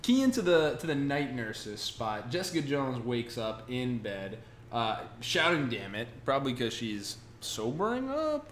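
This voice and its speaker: A man casually recapping a comic book with friends, acting out characters in quick bursts. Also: medium pitch. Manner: animated retelling, acts out characters in quick bursts. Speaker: podcast co-host recapping a comic. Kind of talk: casual chat. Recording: roomy sound with faint noise.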